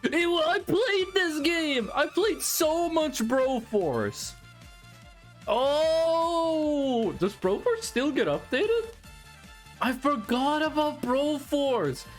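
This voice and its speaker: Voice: high voice, slow pace, faint music behind. A native Norwegian speaker streaming games from a room at home, rambling and joking in casual chat, swearing now and then. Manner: animated, rambling, jokey, swears. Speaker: game streamer.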